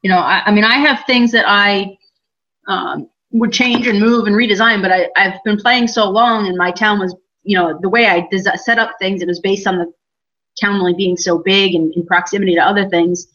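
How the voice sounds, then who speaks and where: Hesitant speaker, bright tense voice, lo-fi sound, casual chat. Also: mid-range voice, steady tone, moderate pace. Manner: hesitant, restarts phrases. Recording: dull lo-fi sound.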